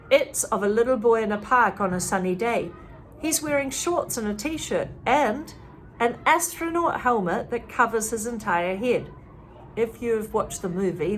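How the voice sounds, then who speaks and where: A woman reading a novel aloud in a lively way, stopping now and then to comment. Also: mid-range voice, a little hiss or hum. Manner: reads in a lively way, stops to comment. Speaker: reader.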